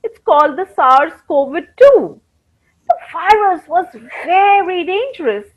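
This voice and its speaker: Animated woman storyteller for kids. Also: extremely high pitch, slow. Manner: animated, addresses the children directly. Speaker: storyteller for children. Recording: dull lo-fi recording.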